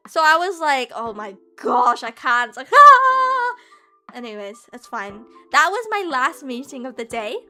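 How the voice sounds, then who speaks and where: A woman streamer chatting casually with her viewers, venting animatedly and laughing often. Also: high voice. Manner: chats back to viewers' messages. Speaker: VTuber streamer. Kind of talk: casual live-stream chat.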